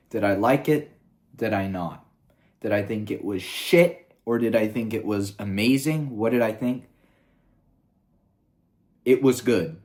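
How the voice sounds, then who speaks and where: A man with a somewhat low voice talks through a review vlog in a loose, rambling way. He swears freely and leans on fillers as he goes. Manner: rambling and profane, heavy with fillers. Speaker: video reviewer.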